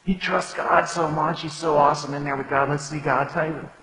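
Bright-voiced preacher in an echoey hall. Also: male voice, a little high, steady tone, a little fast. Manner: explanatory, conversational, reads scripture aloud. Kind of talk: sermon. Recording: echoey hall with long reverb.

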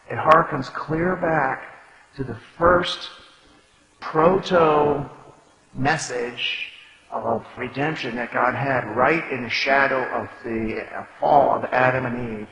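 A male preacher explains scripture in a plain, conversational sermon. His voice sits a bit high and bright. The sound rings with a long hall reverb. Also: slow pace.

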